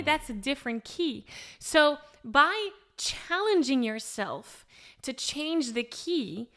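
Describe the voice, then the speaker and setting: A woman vocal coach explaining pitch step by step in an encouraging way, with short sung demonstrations. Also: expressive, a little slow, over loud music. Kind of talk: singing lesson with sung demonstrations.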